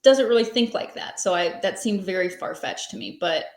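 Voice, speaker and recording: A woman's voice: fairly low pitch, expressive, normal speed, vocal fry. A woman in her thirties, a podcast guest, telling her story in a rambling, conversational way full of fillers. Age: 30s. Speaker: podcast guest, small business owner. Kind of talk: casual interview storytelling. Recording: echoey room.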